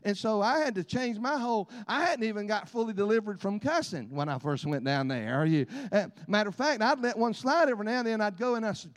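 A man's voice: high-pitched, animated, fairly quick, few pauses. A middle-aged man preaching a sermon, telling folksy stories punctuated by amens and laughter. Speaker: pastor. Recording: long reverb in a large church.

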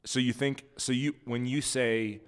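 A man's voice: medium pitch, fairly even intonation, unhurried, clean tone, long reverb tail. A man hosting a casual podcast chat who teases his co-host and sets up playful what-if scenarios. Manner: teasing, sets up playful hypotheticals.

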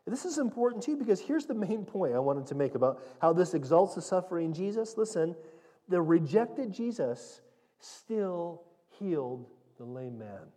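A man's voice: sits high, big pitch swings, moderate pace, warm tone, long reverb tail. A man preaching a conversational sermon, earnest and direct, often restarting and repeating his words. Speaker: pastor teaching a Bible passage.

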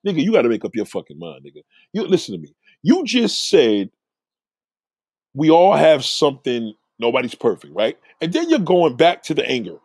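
Man, husky, fairly high-pitched, profane, preachy, confrontational, ranting at livestream chat. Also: big pitch swings, normal speed, a little mellow, dry recording. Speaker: livestream host reading chat.

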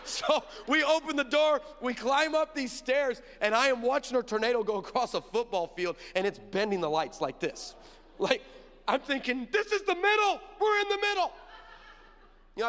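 A young male preacher with a high, bright voice delivers a lively sermon, swinging from loud storytelling into quiet, low asides. He keeps asking the room whether they follow him. His voice rings out with a long reverb, as if in a large hall. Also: brisk. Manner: animated storytelling with asides to the crowd.

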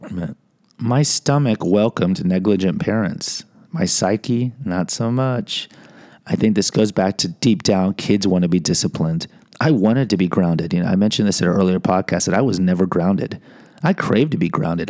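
A man's voice: low voice, normal speed, a little mellow. A man hosting a podcast, telling a personal story in a candid, self-deprecating monologue with frequent restarts. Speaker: podcast host.

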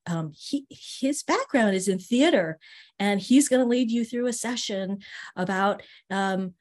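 A middle-aged woman from Northern California, an interview guest who works as a theater teaching artist, telling stories with lively quoted voices and frequent laughter over a video call. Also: mid-range voice, a little slow, a little hiss or hum.

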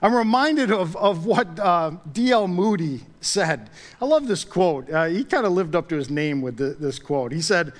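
A man delivers a sermon with a slightly high voice. He drives his points home by repeating short phrases. In prayer he drops to a soft, low tone. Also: lively intonation, normal speed, hardly any pauses. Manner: emphatic, repeats key phrases. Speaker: pastor.

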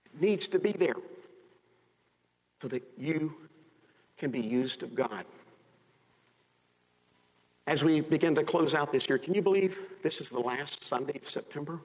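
A man's voice: on the high side, long reverb tail, poor audio. A male pastor delivering an emphatic sermon, acting out the people he quotes in a raised, dramatic voice. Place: church sanctuary.

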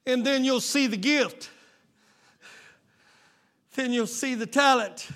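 A man's voice: extremely high pitch, slow pace, a bit bright. A man preaching a fervent sermon as lead pastor, calling out to his congregation in a church sanctuary. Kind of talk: shouting sermon.

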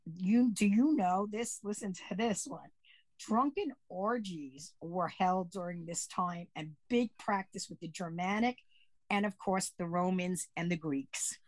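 A woman with a fairly low voice co-hosts a casual podcast. She explains pagan customs slowly and at length, with plenty of fillers along the way. The sound is dry and close, with no room around her. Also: a little mellow, no room sound. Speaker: podcast co-host. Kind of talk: casual chat about pagan traditions.

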